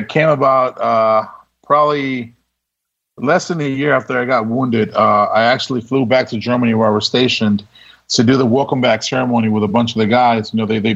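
A man telling a story as a podcast guest, laid-back and quick to laugh, with many fillers and restarts. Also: mid-range voice, vocal fry. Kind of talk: casual storytelling. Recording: dull lo-fi sound.

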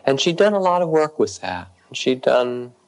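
A middle-aged man, a meditation teacher, calmly telling a story in a dharma talk with gentle, unhurried pauses. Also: medium pitch.

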